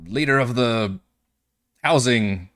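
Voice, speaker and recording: A man voicing a cautious, deliberate male city governor with calm authority in a tabletop game. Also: medium pitch. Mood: measured.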